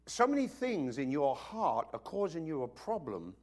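A man preaching from the pulpit, his pitch sitting a little high and leaping all over the place as he tells his stories. He swings between loud bursts and hushed asides, and he is nursing a cough. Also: moderate pace. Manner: animated storytelling, sudden swings from loud to hushed. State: has a cough. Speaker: pastor. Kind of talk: sermon.

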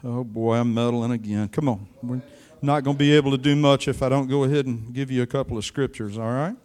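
An older man preaching a sermon, telling a personal story with dramatic swings between quiet and loud. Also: mid-range voice, fairly even intonation, fairly quick.

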